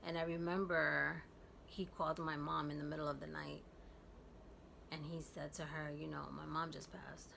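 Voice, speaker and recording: A woman from Guatemala telling a personal story in a vlog, soft and halting, with many fillers. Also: low-pitched, little pitch movement, creaky, a little hiss or hum. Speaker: vlogger.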